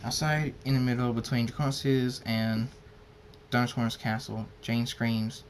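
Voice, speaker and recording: Guy reading fanfic out loud, stumbly, middle pitch, faint rumble. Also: steady tone. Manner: halting, with slips and restarts. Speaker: fan fiction reader. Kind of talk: reading fan fiction aloud.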